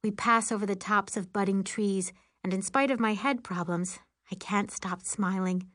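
A woman narrating a first-person audiobook in a lively, wry, expressive way. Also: mid-range voice, moderate pace, no echo, clean studio sound.

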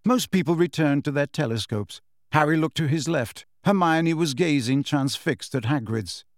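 An audiobook narrator reads a storybook from a script, measured and expressive, his voice a little higher than most men's. The sound is dry and close, without room echo.

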